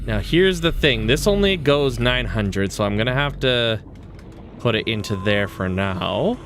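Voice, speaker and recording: A man's voice: mid-range voice, animated, unhurried, background noise. A man from Western Canada chatting casually while streaming a game. He rambles, restarts his sentences and chuckles often. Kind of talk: casual gaming stream chat.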